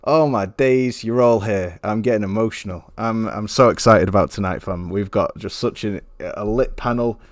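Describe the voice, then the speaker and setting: A man's voice: on the low side, normal speed, few pauses, no room sound, clean studio sound. A man hosting a gaming podcast, hyped and slangy, with plenty of fillers. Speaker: podcast host. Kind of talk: casual podcast intro.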